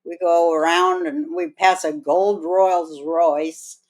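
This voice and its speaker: A woman's voice: fairly low pitch, sing-song, takes it slowly, a little mellow, rough recording. A woman hosting a podcast, telling a long rambling anecdote in casual chat and acting out other people's lines as she goes. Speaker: podcast host.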